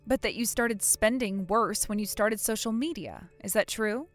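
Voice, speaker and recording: A woman's voice: medium pitch, moderate pace, no room sound, faint music behind, lightly acted. A woman voicing a cold, furious young wife who scolds her sister-in-law without mercy. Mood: stern. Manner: stern, scolding, unforgiving.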